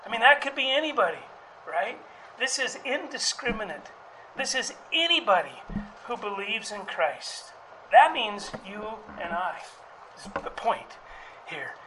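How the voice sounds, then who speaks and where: A man's voice: high voice, sing-song, a little slow, background noise. A male pastor preaching a sermon in a conversational way, with fillers and restarts, rising to emphatic calls.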